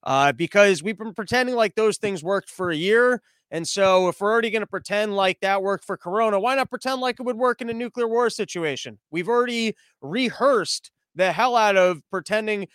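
A man hosting a casual podcast monologue, rambling, profane and animated. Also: sits high, fairly quick, few pauses, clean tone, no room sound. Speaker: podcast host.

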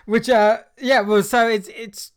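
A man's voice: very high-pitched, smooth. A man hosting a podcast in casual chat, easygoing and hesitant with lots of fillers. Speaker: podcast host.

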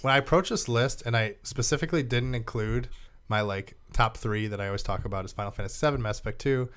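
A man's voice: medium pitch, quick pace, fairly bright tone, clear, resonant tone. A man co-hosting a gaming podcast in casual chat, rambling and laughing often as he tells stories. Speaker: podcast co-host.

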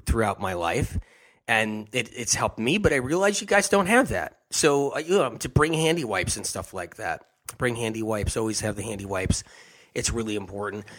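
A man's voice: medium pitch, a bit bright. Man, health talk host, unscripted monologue, rambling, repetitive, self-mocking laughs. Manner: rambling, repeats phrases, laughs at himself.

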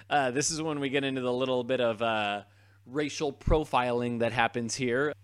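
A man's voice: mid-range voice, normal speed, clean tone. A man co-hosting a podcast, casually recapping a TV episode and acting out the scenes as he goes. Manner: lively retelling, acting out scenes. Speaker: podcast co-host.

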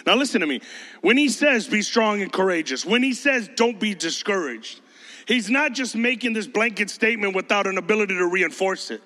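A man delivers an emphatic, conversational sermon in a high voice with a bright, forceful edge. His words ring out with a long reverb, as in a large hall. He slips into mocking voices to make his points. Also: expressive, a little fast. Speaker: pastor.

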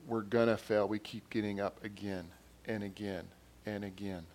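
A man preaching a sermon in an earnest way, repeating his phrases and growing louder when he reads quotes and scripture. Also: lowish voice, fairly even intonation, normal speed.

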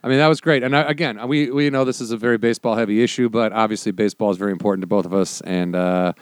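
A man's voice: fairly low pitch, steady tone, smooth, dry recording, clean studio sound. A man co-hosting a podcast, chatting casually and jumping in with short quips. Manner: quick short interjections. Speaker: podcast co-host. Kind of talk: casual chat.

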